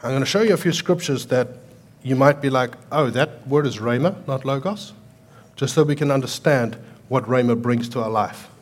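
A man preaching a sermon, swinging from loud, emphatic lines to quiet storytelling, with an accent that sounds foreign to American ears. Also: mid-range voice, normal speed. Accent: foreign to American listeners. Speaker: pastor.

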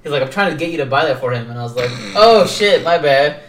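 A man co-hosting a casual podcast chat, telling animated stories, acting out quotes, swearing and laughing often. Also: medium pitch, rapid-fire, roomy sound, recorded from a distance, a little hiss or hum. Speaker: podcast co-host. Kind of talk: casual chat about collectibles.

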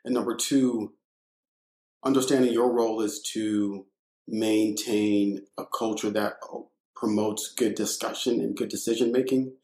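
A man explains his points deliberately in a mid-range voice during a panel chat. His voice carries a noticeable room echo. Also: fairly low pitch, steady tone, darkish tone. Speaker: emergency physician. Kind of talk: casual panel discussion. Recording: roomy echo.

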